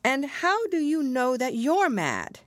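A woman's voice: high voice, wildly swooping pitch, takes it slowly, dry recording, pitched above the performer's own voice, full character voice. A woman reading a storybook aloud and voicing a polite, curious young girl who speaks earnestly and a little timidly.

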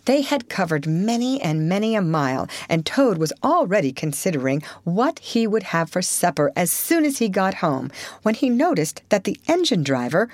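A woman narrating a classic children's story aloud in an expressive reading. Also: lowish voice, normal speed, no room sound. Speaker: audiobook narrator.

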